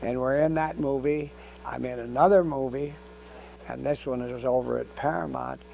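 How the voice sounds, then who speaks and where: An older man being interviewed, telling anecdotes in an animated way and acting out the dialogue. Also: mid-range voice, normal speed, creaky, a little hiss or hum, low-quality recording. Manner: animated storyteller who acts out dialogue. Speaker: interview guest. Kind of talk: anecdotal storytelling.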